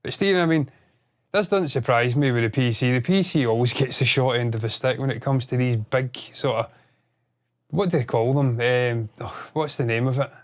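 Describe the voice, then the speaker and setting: Excitable, sweary man co-hosting a podcast. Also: medium pitch, normal speed. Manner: excitable, swears a lot, rambling. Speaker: podcast co-host. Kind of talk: casual podcast chat.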